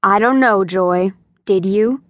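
Audiobook dad, sharp and scolding, read by a woman, slow and dry. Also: mid-range voice, dry recording, muffled recording. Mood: exasperated. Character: stern, exasperated middle-aged father. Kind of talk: audiobook character voice.

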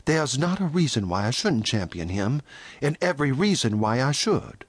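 A man reading the part of an earnest young ranch woman in a storybook western, speaking up with indignation. Her lines swing in pitch, and the sound is dry and close. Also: big pitch swings, moderate pace, breathy edge, dry recording. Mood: indignant.

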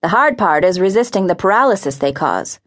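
A woman's voice: lowish voice, expressive, a little fast. A woman voicing a curious, absent-minded teenage boy in an audiobook, speaking in a musing way. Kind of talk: audiobook character voice.

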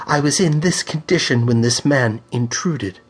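A man voicing a frail young woman stage psychic, frightened and haunted, speaking in high trembling shrieks and pleas in an audiobook. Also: normal speed, breathy edge, natural voice. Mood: dazed. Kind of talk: audiobook character voice.

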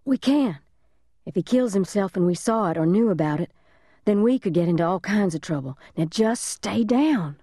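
A woman voicing a determined, protective older boy who speaks softly but firmly. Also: mid-range voice, animated, moderate pace, no room sound, clean studio sound, lightly acted. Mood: hushed firm. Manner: soft, firm, hushed and bossy.

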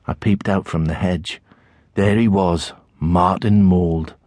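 A middle-aged man with a Tyneside accent narrating a children's novel in the first person, expressive storytelling. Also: low-pitched, slow pace, dry recording. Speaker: audiobook narrator.

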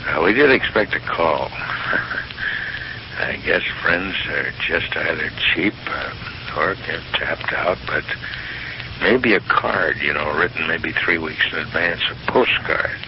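A man playing a sulky friend who complains slowly about being forgotten, in a guilt-tripping message. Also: a bass voice. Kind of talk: crank call on an answering machine. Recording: hissy lo-fi answering machine tape.

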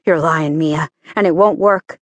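A woman narrator voicing a stern, guarded man in an audiobook, speaking curtly and lowering her voice for him. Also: unhurried, no echo, natural voice. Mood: cold. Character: stern, cold-edged man, forceful and guarded.

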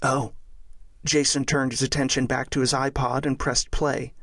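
A man reading a thriller audiobook aloud in a measured, steady storytelling manner. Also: medium pitch, no echo, studio quality. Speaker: audiobook narrator. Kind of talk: scripted audiobook narration.

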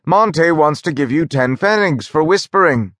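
A man's voice: lowish voice, lively intonation, slow, a bit bright, no echo. A man voicing Kufalt, an earnest ex-convict organizer who speaks solemnly and with emphasis, in a dry audiobook reading.

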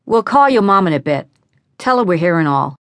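A woman's voice: lowish voice, expressive, fairly quick, dry recording, studio quality. A woman voicing a cheerful middle-aged dad who hams up a fake Cockney accent. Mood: warm. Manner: fake Cockney put-on, jokey.

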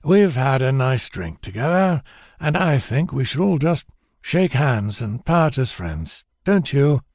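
A man voicing a big, upper-class ex-soldier who talks calmly and reasonably with a slight drunken slur, in an upper-class English accent. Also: mid-range voice, slow, no echo. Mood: calm, reasonable. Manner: calm, reasonable, slightly slurred. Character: hulking upper-class ex-soldier, calm then brawling.

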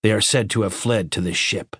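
A man voicing a stern male Martian officer who speaks in a slow, clipped, commanding way. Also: lowish voice, a bit bright, slightly rough, no echo, clean studio sound. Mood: cold.

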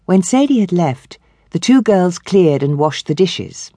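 A woman reading a novel aloud as an audiobook narrator, in measured storytelling, close to a studio mic. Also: fairly low pitch, big pitch swings, dark tone, no echo. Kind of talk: scripted narration.

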